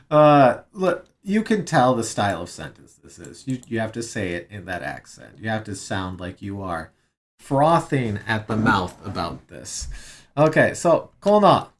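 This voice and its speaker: A man's voice: lowish voice, very animated, a little slow. A man studying on a stream, thinking aloud with many fillers as he sounds out foreign words and translates them. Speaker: language learner streaming his study. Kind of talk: casual self-study narration.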